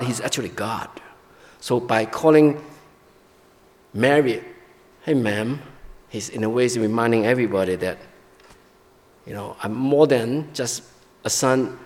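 Male pastor mid-sermon, stop-start explaining, mid pitch, big reverberant church room. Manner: explanatory, halting with frequent restarts. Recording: long reverb of a large hall.

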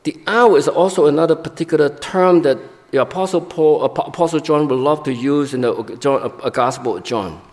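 A man preaching a sermon in a church, explaining in a halting way with frequent restarts. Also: fairly high pitch, a little mellow. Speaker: pastor. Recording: long reverb of a large hall.

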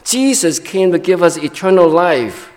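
Man, pastor, sermon, halting explanatory delivery, long hall reverb. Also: high-pitched, big pitch swings, darkish tone. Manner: explanatory, halting with frequent restarts.

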